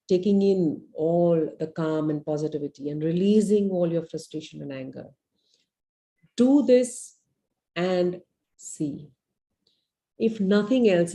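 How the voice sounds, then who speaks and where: A woman's voice: on the low side, mellow. A middle-aged woman teaching a live webinar as a parenting coach. She talks earnestly, guides listeners through a visualization, and often checks in with "you know" and "right?".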